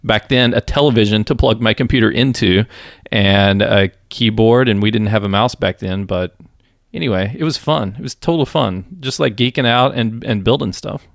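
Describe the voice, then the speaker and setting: A man with a fairly low, gravelly voice hosts a tech podcast at a moderate pace, chatting casually with his guest. He's upbeat, laughs often and sometimes slips into a soft radio voice. The sound is clean studio audio with no echo.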